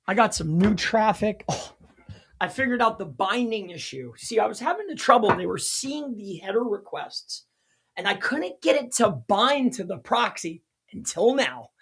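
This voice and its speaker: A man hosting a casual live teaching stream as a consultant, talking in an excitable, rambling way, laughing at his own jokes, his voice sounding strained. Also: high-pitched, normal speed, husky. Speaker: local SEO consultant and livestream host.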